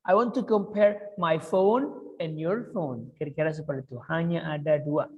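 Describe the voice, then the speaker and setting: A woman's voice: low-pitched, moderate pace, big-room sound, muffled recording. Indonesian teacher coaxing her pupils. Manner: coaxing, repeats words for pupils. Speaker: English teacher. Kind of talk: classroom teaching, mixing English and Indonesian.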